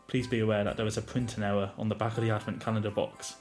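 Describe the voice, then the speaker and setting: A man's voice: lowish voice, level tone, rapid-fire, soft background music. A man co-hosting a casual game podcast, chatty and teasing, recorded on one shared table microphone. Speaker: podcast co-host.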